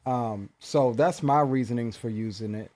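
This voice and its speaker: A man talking in casual podcast chat, measured and relaxed with frequent fillers. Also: medium pitch. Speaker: podcast guest.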